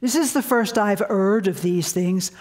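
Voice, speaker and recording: A man's voice: sits high, a little mellow. Woman doing a blunt Yorkshire physicist. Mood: deliberate. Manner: slow, deliberate, matter-of-fact. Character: blunt senior male physicist in front row.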